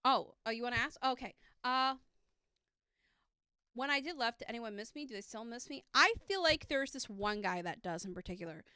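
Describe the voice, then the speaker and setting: A woman's voice: fairly high pitch, animated, normal speed, pushed and bright, smooth, no room sound. A woman giving a live tarot reading, chatty and upbeat, with lots of fillers, speaking close to a streaming mic.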